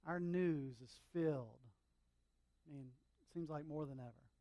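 A male pastor preaching a sermon in an animated, conversational way, with humorous asides and emphatic swings from loud to hushed. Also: fairly high pitch, measured pace, no room sound.

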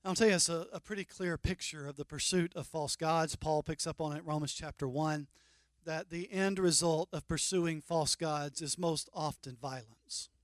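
A male pastor preaching a sermon, animated and joking with mock-incredulous asides. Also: a little high, normal speed, no echo, studio quality.

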